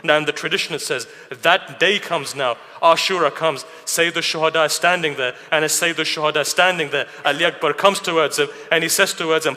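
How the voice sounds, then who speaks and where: A man's voice: fairly high pitch, fairly quick, hardly any pauses, bright, forceful tone. A man delivering a narrative sermon at a mourning gathering, telling the story with emotion and asking rhetorical questions. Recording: reverberant hall.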